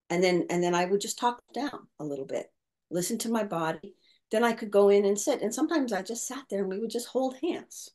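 A woman's voice: medium pitch, lively intonation, fairly quick, a little mellow. A middle-aged woman talking reflectively about caregiving in an interview, often restarting and repeating words as she thinks. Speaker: caregiver coach. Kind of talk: conversational interview talk.

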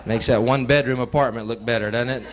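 A man's voice: medium pitch, steady tone, fast talker, crowd noise. A young man from Texas in his twenties doing sardonic stand-up comedy, often laughing at his own jokes. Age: 20s. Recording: noisy 1980s live club tape.

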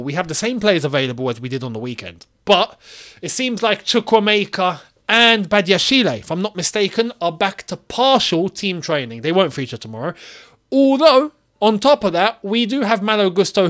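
A man hosting his own football channel, ranting in an animated, exasperated way and firing off rhetorical questions. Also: sits high. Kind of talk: solo football opinion vlog.

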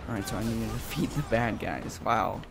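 A man chats casually through his gameplay and calls out his moves with excitement. His voice has a gravelly fry to it, and game music plays loudly under him. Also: lowish voice, a little fast. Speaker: gameplay commentator. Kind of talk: let's play commentary.

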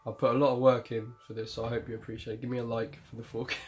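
A man's voice: mid-range voice, level tone, fast talker, slight background noise. A man giving sarcastic, jokey commentary over a video game, laughing often. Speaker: gameplay commentator. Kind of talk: joking let's-play commentary.

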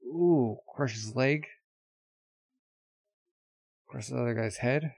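A man talks through a manga chapter live, describing each panel in short, clipped bursts. His voice sits at an ordinary middle pitch. The sound is dry and close, with no room around it. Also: takes it slowly, gravelly, a little mellow, husky, dry recording. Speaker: manga reaction streamer. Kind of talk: live reaction, narrating panels aloud.

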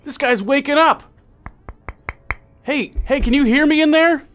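A man's voice: extremely high pitch, measured pace, a bit bright, slight background noise, pitched above the performer's own voice. A man voicing a panicked male lab worker who stammers and talks in a frantic rush.

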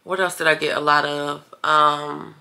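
A woman's voice: deep voice, level tone, unhurried, gravelly, pushed and bright. A woman vlogging casually to her viewers, chatty and blunt, calling them y'all and cursing when annoyed. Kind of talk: casual vlog talk to camera.

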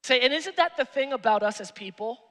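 A man, the pastor, preaching a sermon in an animated, joking way with streetwise slang. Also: very high-pitched, a little fast. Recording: long reverb in a church hall.

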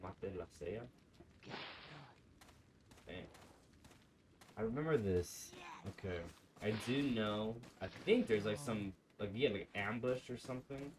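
A man giving casual let's play commentary on a horror game, excitable, swearing and yelling in panic. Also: on the low side, takes it slowly, long pauses. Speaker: gaming video creator. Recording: distant mic under loud game noise.

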